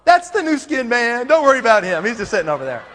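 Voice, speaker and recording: A man's voice: very high voice, sing-song, fast, a bit bright, a little hiss or hum, pitched above the performer's own voice, exaggerated voice. A man doing a breezy old grandma. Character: older homey grandmother, offhand and unbothered. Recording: long hall reverb.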